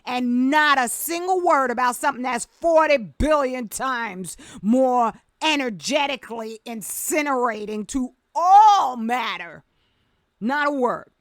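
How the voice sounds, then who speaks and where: A woman with a high voice delivers an impassioned vlog rant, emphatic and sarcastic by turns. The sound is close and dry, with no room around her. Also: lively intonation, a little slow, hardly any pauses, dry recording. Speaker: vlogger.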